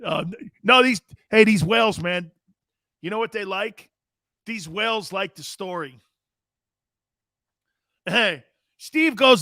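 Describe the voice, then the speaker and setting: Man, middle-aged, sports show host, brash and boastful, forceful tone, dry close sound. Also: sits high, lively intonation, slow pace, pauses often, no room sound. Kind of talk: casual live-stream talk, reading chat.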